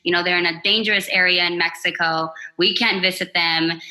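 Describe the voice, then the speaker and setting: Bright-voiced woman, open and heartfelt. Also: fairly low pitch, steady tone, fairly quick, rough recording. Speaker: podcast guest. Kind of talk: casual interview chat.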